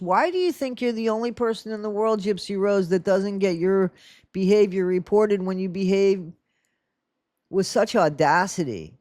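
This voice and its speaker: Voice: medium pitch, a little mellow, no echo. 60-something ranting about true crime, blunt and sarcastic, swears a lot, dry mic. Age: 60s. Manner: blunt and profane; sarcastic, scolding. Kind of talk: ranting vlog commentary.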